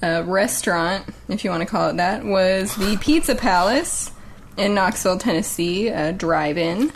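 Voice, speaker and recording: A young woman co-hosting a casual podcast, recapping in an unhurried, dry way. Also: mid-range voice, slight background noise. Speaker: podcast co-host.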